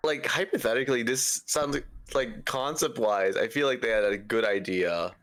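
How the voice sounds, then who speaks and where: A woman co-hosting a podcast in casual chat, with wry deadpan asides. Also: rumbling low, normal speed. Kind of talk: casual chat while watching a game.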